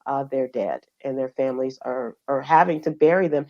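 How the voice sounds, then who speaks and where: A woman's voice: a bass voice, lo-fi sound. A middle-aged woman hosting a radio show, going over the news in casual chat and talking with fillers and restarts. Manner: conversational, halting with fillers.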